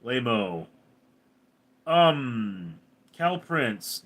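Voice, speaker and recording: Man, young adult, livestream host, casual chat, joking replies, lively pitch. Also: slight background noise. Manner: joking, reacting quickly to chat messages.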